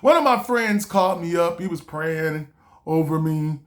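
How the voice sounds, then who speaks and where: A man's voice: fairly high pitch, a little slow. A man from the Los Angeles area, casually telling a story in a rambling way, often saying "you know". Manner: animated, jumps into loud excited quoted voices. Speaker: vlogger.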